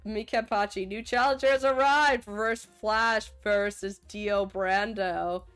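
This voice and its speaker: A young adult woman hosting a livestream, chatting in a rambling, animated, giggly way. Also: medium pitch, takes it slowly, clear, resonant tone, faint music behind. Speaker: livestream host. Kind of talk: casual stream chat.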